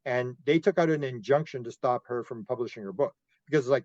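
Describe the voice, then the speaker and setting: A man from Canada, a UFO investigator being interviewed, telling animated stories, laughing often and acting out quotes. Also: mid-range voice, quick pace, no room sound, highs cut off. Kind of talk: casual interview storytelling.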